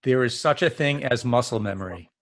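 A man hosts a relaxed interview, reading out questions in a friendly, light way. His pitch sits in an ordinary middle range, and he keeps things easygoing. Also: brisk. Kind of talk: casual interview, quiz questions.

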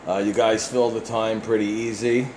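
Podcast host, man, New York accent, deep low voice, blunt and foul-mouthed, roomy echo. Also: flat delivery, normal speed, a little mellow, slight background noise. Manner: blunt and profane, reading listener emails aloud. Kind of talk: casual podcast chat.

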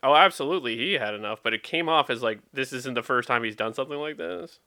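Man, from the US Northeast, casual chat, easygoing, bright forward tone. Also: medium pitch, quick pace.

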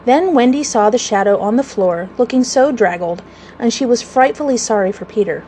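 Woman reading a kids story on the radio, higher voice, little background hiss. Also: expressive, moderate pace, mellow, low-quality recording. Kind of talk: reading a children's classic aloud.

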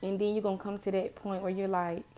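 A woman's voice: medium pitch, level tone, fast, dark tone, soft background music. A woman giving an earnest, impassioned motivational faith talk, repeating phrases for emphasis.

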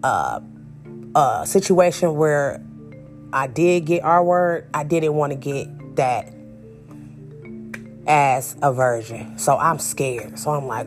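Young woman, animated and slangy storytelling. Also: deep voice, slow, long pauses, soft background music. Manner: animated, acts out quotes, slangy. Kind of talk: casual storytelling.

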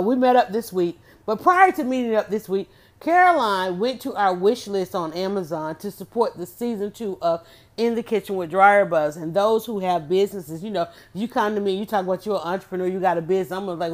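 A woman host, telling an animated story to her viewers in casual chat, laughing often. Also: mid-range voice. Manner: animated, chatty, laughs often, talks straight to her audience.

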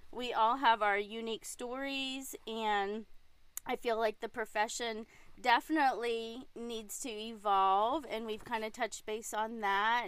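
A woman's voice: fairly high pitch, clear, resonant tone, dry recording. A woman hosting a podcast in a casual conversation. She is a dental hygienist who talks in a chatty, upbeat way and giggles often.

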